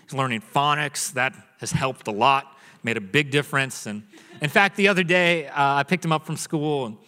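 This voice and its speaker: A man in his thirties preaching a sermon in a church, telling jokes and family stories in a relaxed way. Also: mid-range voice, moderate pace, smooth. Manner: joking storyteller, acts out his son's voice. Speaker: pastor. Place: church auditorium. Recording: long reverb of a large hall.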